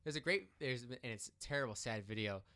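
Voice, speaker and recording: A man talks in a lively, animated way, often breaking off and restarting his sentences. His voice is bright and forceful, with a smooth, crisp clarity. He is co-hosting a casual political chat. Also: mid-range voice, fairly quick. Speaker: podcast co-host.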